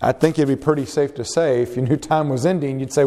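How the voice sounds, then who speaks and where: A man's voice: mid-range voice, fairly even intonation, fast, dark tone, in a large hall. A man preaching a sermon, earnest and exhorting, putting questions to the congregation.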